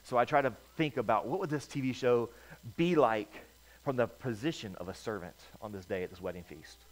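A man's voice: medium pitch, brisk, low-quality recording. Storytelling male pastor with a mid voice. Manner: storytelling, swings between loud bursts and quiet asides. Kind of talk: sermon.

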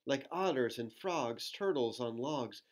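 A male pastor reads a rhyming children's book aloud in an easy, mid-pitched voice. He slips into playful asides for young listeners and joins in with animal noises. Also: animated, measured pace. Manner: gentle storytelling with playful asides and animal sounds.

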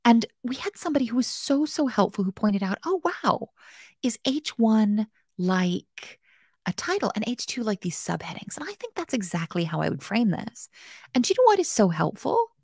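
A woman teaching a casual live-stream coding tutorial. Her pitch swings all over the place, and her voice has a gravelly fry to it. She is chatty, playful and self-mocking, and she talks straight to chat viewers in a dry, close sound. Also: sing-song, moderate pace, a little mellow, dry recording. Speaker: web development bootcamp host.

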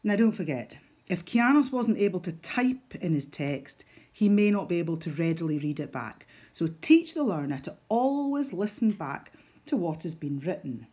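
A woman teacher talks through a tablet demonstration at an unhurried pace. Her voice is slightly low and a touch husky, and its pitch rises and falls freely as she guides each step with patience. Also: big pitch swings, warm tone. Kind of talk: instructional screen demonstration.

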